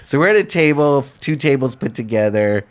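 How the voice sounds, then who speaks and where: A man's voice: medium pitch, fairly quick. A man guest on a talk show, telling a story casually and acting out what the other people said in a loose, slangy way. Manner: lively storyteller who acts out other people's lines. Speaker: podcast guest.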